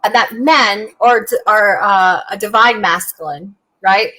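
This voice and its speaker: A woman's voice: medium pitch, measured pace, sharp tone, poor audio. A woman and military veteran chatting casually on a podcast, telling stories bluntly and animatedly with Southern slang.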